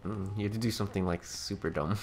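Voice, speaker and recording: A man's voice: lowish voice, fairly even intonation, quick pace, slightly rough. A young man chatting casually during a video game, dry and teasing toward his partner. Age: young adult. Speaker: gaming co-host. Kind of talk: casual gaming chat.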